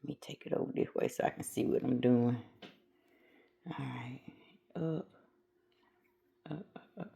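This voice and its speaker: A woman's voice: a bass voice, moderate pace, gravelly, long pauses, warm tone, slight background noise. A middle-aged woman hosting a casual how-to craft tutorial, chatting and talking herself through each step as she works.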